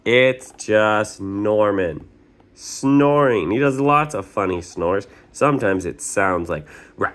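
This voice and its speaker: A man's voice: lowish voice, expressive, slow, a bit bright. A man reading a picture book aloud, playful and adding sound effects. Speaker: reader.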